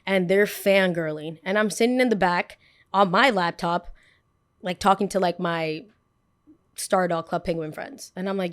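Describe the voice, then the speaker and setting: A woman in her twenties, a podcast host, telling a story in a lively way, acting out what people said and laughing often. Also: mid-range voice, normal speed, smooth. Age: 20s. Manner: animated, acts out quotes, laughs often.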